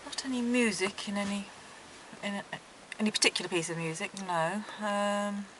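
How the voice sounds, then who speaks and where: A woman's voice: medium pitch, steady tone, moderate pace, background noise. Earnest woman telling her dreams. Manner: gentle, earnest storytelling with soft laughs. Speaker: interviewee. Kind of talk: recounting dreams in a relaxed interview.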